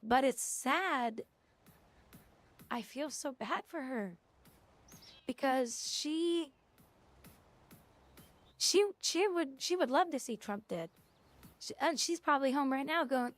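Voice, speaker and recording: A woman's voice: high-pitched, expressive, slow pace, long pauses, faint music behind. A young woman streamer chatting casually on a livestream, blunt and opinionated, rambling from one thought to the next.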